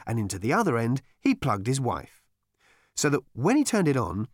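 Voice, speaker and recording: A male audiobook narrator with a wry, theatrical delivery, his pitch rising and falling all over the place. The recording is close and completely dry, with no room sound at all. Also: no echo. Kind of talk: expressive storybook narration.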